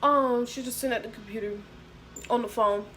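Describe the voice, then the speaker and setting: Animated young woman telling a story. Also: fairly high pitch, brisk, slight background noise. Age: young adult. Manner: animated, slangy, talks to viewers. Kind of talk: casual storytime.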